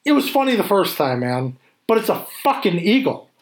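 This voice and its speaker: Casual male talker, fairly high voice, animated and profane. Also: moderate pace, slight background noise. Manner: animated, swears freely, acts out scenes. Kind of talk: casual chat.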